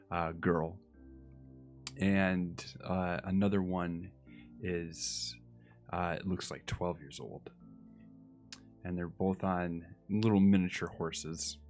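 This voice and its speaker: A young man narrating a tabletop game as dungeon master, halting with many fillers. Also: deep voice.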